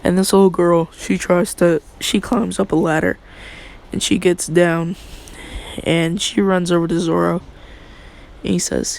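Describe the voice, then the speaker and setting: A man's voice: high-pitched, level tone, measured pace, creaky, pauses often, poor audio. A young man casually retelling a fan story, rambling and slangy with many fillers.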